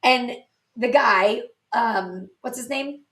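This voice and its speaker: A woman's voice: fairly high pitch, takes it slowly, bright, forceful tone. A young woman co-hosting a podcast, chatting casually and adding movie trivia. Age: young adult. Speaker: podcast co-host. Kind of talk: casual chat.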